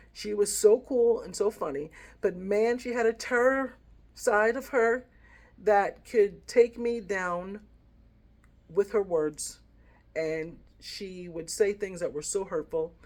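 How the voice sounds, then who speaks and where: Speaking to her channel in a voice on the low side, a middle-aged woman vlogger tells a family story earnestly and reflectively. The heartfelt vlog carries quiet emotion, and she dwells on what she felt.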